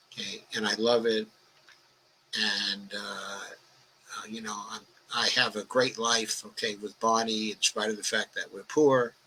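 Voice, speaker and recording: An elderly man from the Bronx with a strikingly bright, sharp-edged voice. He hosts a political stream, reading viewer comments aloud and chatting back at them. His talk rambles along, padded with "okay" and "uh". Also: medium pitch, slightly rough, poor audio. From New York, the Bronx. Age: 80s. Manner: rambling and conversational, peppered with "okay" and "uh". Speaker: political livestream host.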